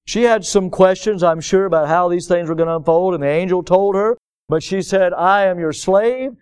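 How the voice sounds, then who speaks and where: A middle-aged male pastor delivers a sermon, his voice smooth and resonant and pitched a little above the usual for a man. He swings between measured reading and impassioned, emphatic peaks. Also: fairly even intonation, a little mellow.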